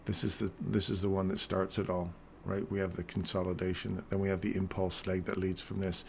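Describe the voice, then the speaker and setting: Low-voiced man with a groggy morning voice. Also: flat delivery, a little fast, gravelly, a little hiss or hum. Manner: casual, explanatory, joking, keeps asking "right?". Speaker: trading stream host. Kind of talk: live trading commentary.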